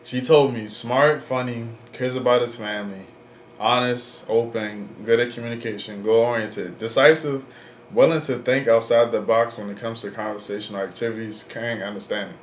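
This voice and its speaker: A man's voice: mid-range voice, fairly even intonation, normal speed. A man in his twenties talking casually in a vlog, rambling with lots of fillers and slang, blunt and frank. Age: 20s. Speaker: vlogger. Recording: echoey room, faint background noise.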